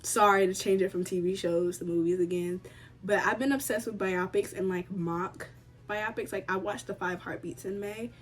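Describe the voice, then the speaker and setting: A young vlogger from the US talks casually to camera about her recent viewing, emphatic and prone to repetition. She has a medium-pitched voice with fairly even intonation and speaks at normal speed.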